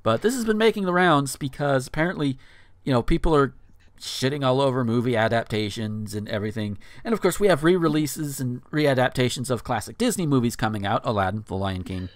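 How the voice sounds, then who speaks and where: A man's voice: medium pitch, animated, a little fast, no room sound. A man in his thirties hosts a casual podcast, swinging his voice widely as he reacts in disbelief. He swears freely and exaggerates his outbursts. The recording is close and dry. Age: 30s. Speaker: podcast host. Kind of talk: casual podcast chat with dramatic readings.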